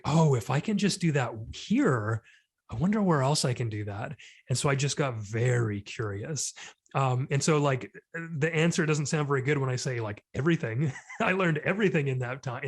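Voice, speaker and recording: A man's voice: mid-range voice, moderate pace. Earnest introspective man, trailing "like"s. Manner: earnest, introspective, many filler "like"s. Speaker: podcast guest. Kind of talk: reflective conversation.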